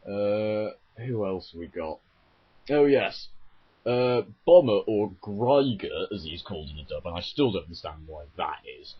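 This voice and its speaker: A man rants about an anime dub, exasperated and sarcastic. His low, husky voice swings widely in pitch. The home recording sounds dull and lo-fi. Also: animated, unhurried. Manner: exasperated, sarcastic, frequently self-correcting. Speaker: YouTuber reviewing an anime dub. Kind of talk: ranting video commentary.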